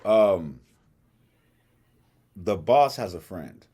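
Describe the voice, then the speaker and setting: A man with a very deep voice tells a story in a loose, casual way on a podcast. He acts out what other people said and swears freely as he goes. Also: animated, extremely slow, warm tone, slightly rough. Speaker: podcast co-host.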